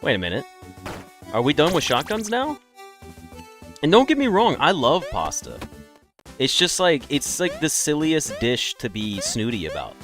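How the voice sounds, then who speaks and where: A man's voice: fairly high pitch, wildly swooping pitch, moderate pace, long pauses, fairly bright tone, faint music behind. A man giving casual, rambling let's-play commentary with profane, laughing asides. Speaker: gaming video creator.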